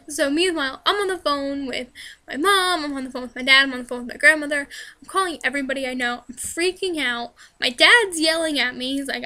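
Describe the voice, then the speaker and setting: A young woman talks into her camera, her high voice bright and sharp. She rambles with plenty of fillers and restarts, and her voice sounds a little hoarse. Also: a little fast. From New Jersey. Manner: chatty, rambling, many fillers and "like". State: hoarse, voice straining. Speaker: vlogger. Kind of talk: casual Q&A storytelling.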